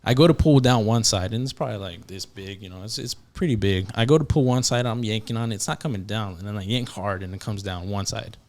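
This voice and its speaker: A man with a lowish voice tells a story on a podcast in a loose, casual way. He fills gaps with "uh" and "like", restarts his sentences and slips into the voices of the people in his story. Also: fast talker, few pauses. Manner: animated, acts out quotes, many fillers and restarts. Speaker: podcast guest, former prison yard officer.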